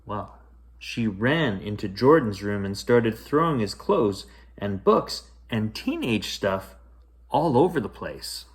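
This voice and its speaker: A man reads a children's picture book aloud at bedtime in an expressive way. He takes his time with each line, and his pitch rises and falls freely. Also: takes it slowly. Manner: expressive, lilting. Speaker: storyteller. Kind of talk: bedtime story read-aloud.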